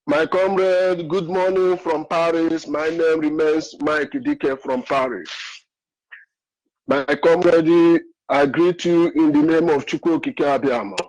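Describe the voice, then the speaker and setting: A man's voice: on the high side, steady tone, a little slow, darkish tone, rough recording. A man with a Nigerian accent calling into a radio show, emotional and pleading, repeating himself. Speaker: caller. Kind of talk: impassioned call-in. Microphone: phone call.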